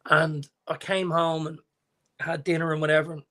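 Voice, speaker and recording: A man in his forties with an Irish accent, co-hosting a podcast and telling stories in lively casual chat, acting out the people he quotes. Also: a little high, normal speed. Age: 40s. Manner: animated storyteller, acts out quotes. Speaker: podcast co-host.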